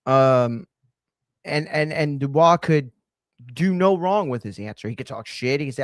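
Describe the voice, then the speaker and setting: A man's voice: medium pitch, moderate pace, no echo, studio quality. A man hosting a reaction commentary show, sarcastic and profane as he reacts to clips. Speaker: host.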